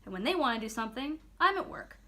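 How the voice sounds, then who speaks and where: A hearty, upbeat janitor, as a woman reader puts him on, loud and friendly with lots of lift in his voice. He sounds like a good-natured guy from a storybook who is glad to have company. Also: fairly high pitch, big pitch swings, fast. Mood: chatty. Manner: boisterous and friendly. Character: cheerful, loud adult male school janitor. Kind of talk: children's book read aloud.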